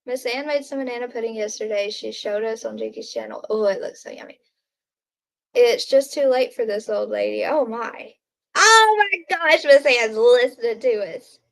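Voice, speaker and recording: A woman's voice: fairly high pitch, normal speed, creaky, a little mellow. A woman hosting a casual livestream from home at night, chatting and giggling with her viewers and talking to her pet. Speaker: livestream host. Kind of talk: casual live chat with viewers.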